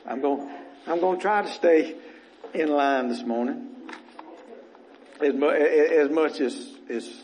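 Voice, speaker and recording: A man preaching a sermon in church as minister, earnest and rambling, his voice going a little rough. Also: a little high, measured pace, long pauses, darkish tone, slight background noise, low-quality recording. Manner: earnest, rambling, repeats words as he restarts. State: voice getting rough.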